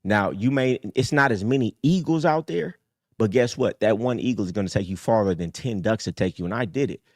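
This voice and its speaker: Talking briskly into a dry mic, this streetwise livestream host preaches hard and casually. His delivery moves between low mutters and high, emphatic bursts.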